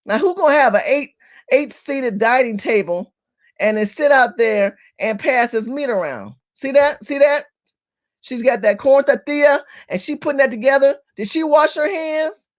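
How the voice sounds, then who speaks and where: A woman's voice: sits high, animated, moderate pace. A woman hosting a live stream, talking emphatically to her viewers, repeating herself and firing rhetorical questions while she shows them video. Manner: addresses viewers as family. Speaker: livestream host.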